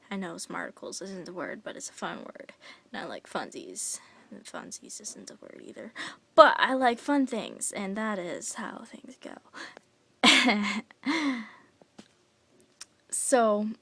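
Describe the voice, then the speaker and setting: A young woman telling a casual, rambling vlog story, full of fillers and with soft whispery asides. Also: medium pitch, creaky, slightly rough. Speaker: vlogger.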